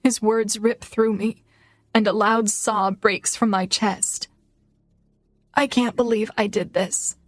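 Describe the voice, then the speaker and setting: A woman's voice: medium pitch, little pitch movement, takes it slowly, dry recording, soft background music. A young woman reads a first-person romance audiobook, her delivery emotional and tearful. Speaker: audiobook narrator.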